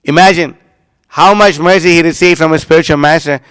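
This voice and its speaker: A man with a somewhat high, smooth and clear voice leads a devotional class, chanting verses and then explaining them through storytelling. He acts out quoted lines with emphasis. The sound is close and dry, with no room echo. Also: fairly even intonation, a little fast, a bit bright. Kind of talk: religious class talk.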